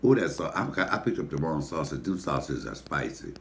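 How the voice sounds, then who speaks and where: A man with a deep voice, hosting a casual mukbang and telling animated, profane stories while he eats. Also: a little fast. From Detroit, USA. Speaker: comedian and mukbang host. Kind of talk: casual storytelling while eating.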